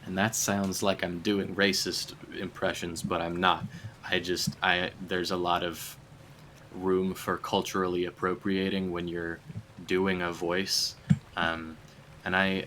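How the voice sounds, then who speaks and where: A man streaming a puzzle game, talking in a loose, rambling way and breaking into laughter often. His voice sits on the lower side, with a faint hiss of background noise. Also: a bit bright. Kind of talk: casual gaming stream chat.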